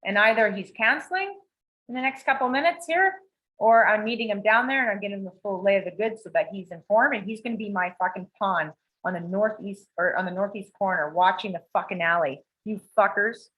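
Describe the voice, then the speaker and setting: Profane, animated woman telling a story. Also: medium pitch, a little fast, highs cut off. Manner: profane, animated, acts out quoted dialogue. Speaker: podcast co-host. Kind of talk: casual storytelling chat. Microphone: video call.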